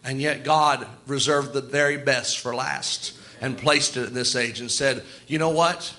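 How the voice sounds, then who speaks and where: A man's voice: mid-range voice, steady tone, measured pace, pushed and bright. A man preaching a sermon in a folksy, storytelling way. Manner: folksy, storytelling, chuckles often.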